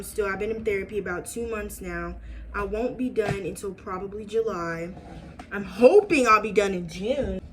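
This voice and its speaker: A woman's voice: medium pitch, a little hiss or hum, low-quality recording. Chatty woman telling a dramatic story. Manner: chatty and dramatic, addresses viewers as y'all. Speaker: vlogger. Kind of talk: casual story time.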